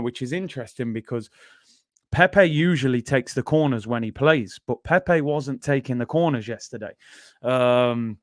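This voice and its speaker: A man's voice: medium pitch, dry recording, studio quality. A man hosting a fan football channel, chatting animatedly through goal replays and often addressing viewers as "people". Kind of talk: casual fan commentary over match replays.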